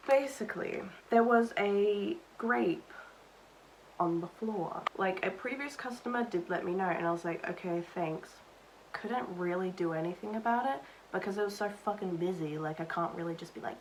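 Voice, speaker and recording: A young woman talks casually while she does her makeup, rambling and self-mocking, with "like" scattered through every sentence. Her voice sits at an ordinary middle pitch. Faint room ambience hums behind her. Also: normal speed, a little hiss or hum, rough recording. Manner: chatty, self-deprecating storytelling with lots of "like". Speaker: beauty vlogger.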